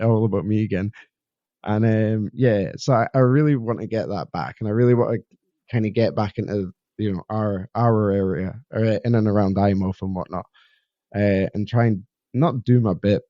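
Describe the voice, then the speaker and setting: Scottish man, podcast host, low mellow voice, rambling and open, slightly dull dry recording. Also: no echo. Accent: Scottish Borders. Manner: candid, rambling and self-deprecating. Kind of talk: solo reflective podcast monologue. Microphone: podcast microphone.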